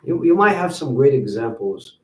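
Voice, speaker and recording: A man, hosting and telling stories in a casual, animated way, jumping higher when he quotes people. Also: moderate pace. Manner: animated, acts out quoted voices in higher pitch. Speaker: host. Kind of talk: casual storytelling to viewers. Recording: roomy, from a distance.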